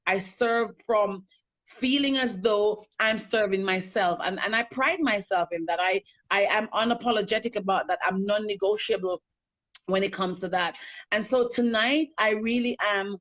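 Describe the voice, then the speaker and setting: A woman's voice: mid-range voice, normal speed, fairly bright tone. A woman life coach hosting a live-streamed interview, talking earnestly and emphatically, with repeated phrases.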